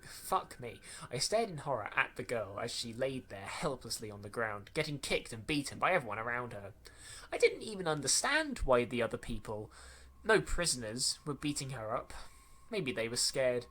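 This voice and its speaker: A man's voice: medium pitch, very animated, moderate pace, bright, forceful tone, slight background noise. A man hosting a podcast, reading a horror story aloud, tripping over clumsy sentences and rereading them with sarcastic asides. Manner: stumbling over lines and rereading them mockingly.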